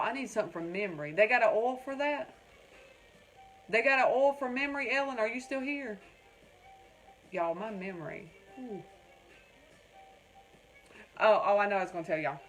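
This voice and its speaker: With a Southern accent from North Carolina, a crafting stream host talks from home at normal speed with long pauses, her medium-pitched voice a bit bright. Chatty and rambling, she reads viewers' comments aloud and calls them "y'all," over faint music in poor audio.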